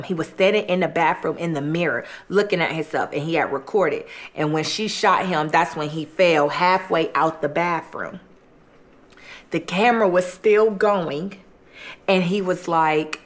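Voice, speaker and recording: A woman speaking in a slightly low voice as she chats her way through a true-crime story during a mukbang. Her delivery is loose and conversational, peppered with "like" and quick retold lines. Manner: chatty, full of "like" and retold quotes. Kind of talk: casual true-crime storytelling while eating.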